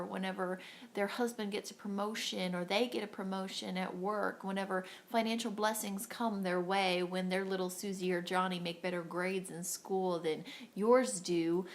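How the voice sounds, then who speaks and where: A woman's voice: medium pitch, slight background noise. A woman giving an earnest, encouraging devotional talk to women, acting out little voices as she goes. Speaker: devotional host.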